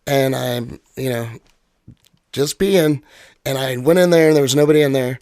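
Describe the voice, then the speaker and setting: A man's voice: mid-range voice, normal speed, a little mellow, no room sound. A man appearing as a studio guest, telling funny personal stories in a giggly, self-deprecating way and acting out his own reactions. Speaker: author guest. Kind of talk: casual storytelling interview.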